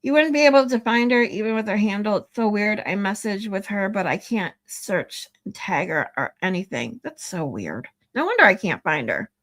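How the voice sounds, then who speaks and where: A woman's voice: medium pitch, very animated, normal speed, hardly any pauses, fairly bright tone. A woman streaming live, chatting casually with viewers, laughing often and swearing loosely. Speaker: live streamer reading chat.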